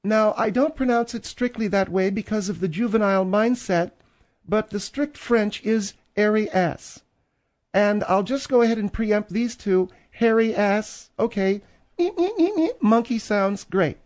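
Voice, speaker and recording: A man's voice: sits high, steady tone, normal speed, darkish tone, voice pushed up, close to an everyday voice. A man doing a pompous snobbish lady co-host. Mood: haughty. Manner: pompous, affected, catty asides. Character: prissy, snobbish middle-aged woman co-host. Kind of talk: comedic talk radio banter.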